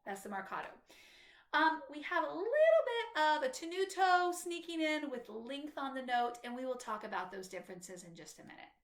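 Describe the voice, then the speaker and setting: Lively high-voiced woman teaching flute. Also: moderate pace, reverberant, faint music behind. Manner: patient, explanatory teacher talking to students. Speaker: flute instructor. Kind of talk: instructional music tutorial.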